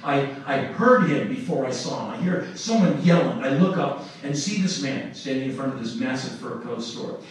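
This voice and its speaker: A man's voice: mid-range voice, moderate pace, hardly any pauses. Middle-aged man telling a story on stage. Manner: animated, laughs through his telling. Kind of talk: live storytelling to an audience. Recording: echoey room from far off with noise.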